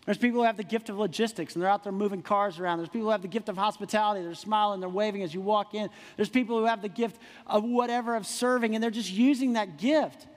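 A man preaching a sermon, animated, with quick asides and rhetorical questions to the congregation. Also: high-pitched, big-room sound. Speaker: pastor.

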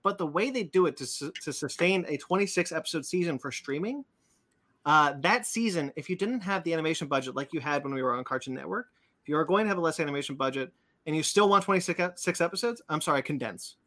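A man's voice: on the high side, expressive, quick pace, a bit bright. A man hosting a casual podcast chat, rambling with many fillers and restarts. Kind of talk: casual chat about comics and cartoons.

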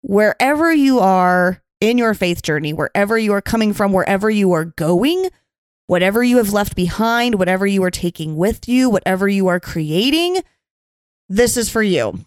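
A woman who is a Methodist pastor co-hosting a podcast, speaking earnestly in a measured, heartfelt cadence. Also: medium pitch, expressive, clear, resonant tone, no room sound, studio quality. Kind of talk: casual chat turning into heartfelt blessing.

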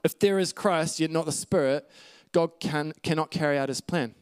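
A man's voice: on the high side, moderate pace, smooth, no room sound. Earnest man preaching a sermon. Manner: earnest teaching with scripture references, occasional light laughs.

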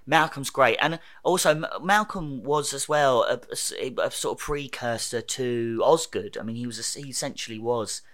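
Male co-host, halting casual talker, middle pitch. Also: fairly bright tone. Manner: halting, many restarts and fillers. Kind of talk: casual chat.

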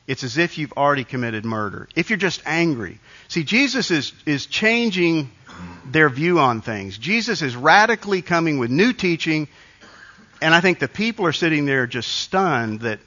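A man's voice: on the high side, animated, normal speed, pushed and bright, dull audio. A man preaching a conversational sermon as a pastor, telling stories with asides and restarts. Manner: conversational, self-deprecating storytelling with restarts.

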